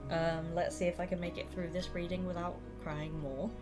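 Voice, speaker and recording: A woman's voice: lowish voice, level tone, moderate pace, over music. A woman streamer giving casual gameplay commentary, emotional and laughing through tears. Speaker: lets-play streamer.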